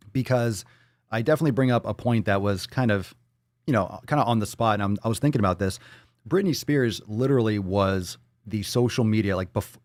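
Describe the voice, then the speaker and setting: The Florida stream host has a fairly low, slightly mellow voice, captured without echo. He goes through viewer comments in a relaxed, foul-mouthed, playful manner, sometimes breaking into silly voices.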